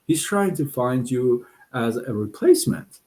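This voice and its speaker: A man's voice: mid-range voice, very animated, a little slow, dark tone. A man voicing a sly male fox who coaxes and talks others into things. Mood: coaxing. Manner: coaxing, persuasive. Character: sly male fox, smooth-talking trickster.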